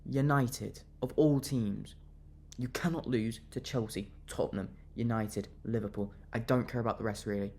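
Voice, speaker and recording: A man's voice: mid-range voice, steady tone, moderate pace, a little mellow. A young man venting his anger in a fan reaction rant, fuming and repeating himself as he vents. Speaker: football fan vlogger.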